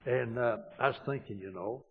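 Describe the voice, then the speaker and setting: Husky older preacher. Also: male voice, mid-range voice, normal speed. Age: 60s. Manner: homespun, dips quiet then swells loud for emphasis. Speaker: pastor. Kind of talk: folksy storytelling sermon. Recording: dull lo-fi recording.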